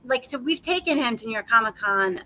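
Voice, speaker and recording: A woman's voice: on the high side, lively intonation, fairly quick, a crowd in the background, low-quality recording. A woman guest on a podcast panel, talking in a hesitant, rambling way with many restarts. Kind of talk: casual panel chat.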